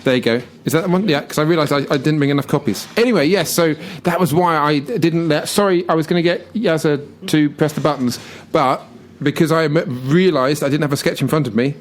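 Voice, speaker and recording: A man's voice: a little high, brisk, a little hiss or hum. A man hosting a comedy radio show, chatting in a rambling, jokey way. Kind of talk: casual comedy radio chat.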